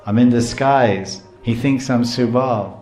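A man giving a devotional storytelling lecture, animated, chuckling often and explaining terms as he goes. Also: medium pitch, slow pace, reverberant, soft background music. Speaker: preacher.

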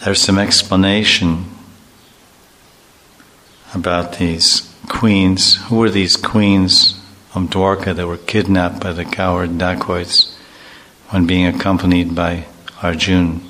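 Low-ish guy narrating a devotional tale, measured, explains as he goes. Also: level tone, pushed and bright, in a large hall. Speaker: storyteller.

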